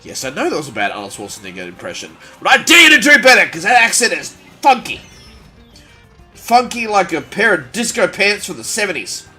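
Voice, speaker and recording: A man's voice: sits high, a little fast, faint music behind. A man chatting casually on a gaming livestream, rambling and joking as he plays. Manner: animated, rambling and jokey. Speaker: gaming streamer.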